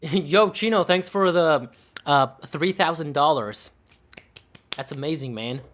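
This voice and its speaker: A man's voice: on the high side, a little slow, a bit bright. A young man streaming, chatting casually and sarcastically while opening game cases, rambling with frequent little laughs.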